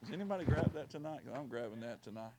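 A man preaching a sermon as pastor, folksy and plain-spoken, building up to loud shouted bursts. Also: medium pitch, lively intonation, rapid-fire, noisy background.

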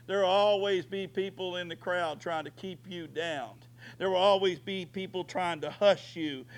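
A middle-aged man preaching a fervent sermon, swinging from quiet stretches to shouting. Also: on the high side, a little hiss or hum. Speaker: pastor.

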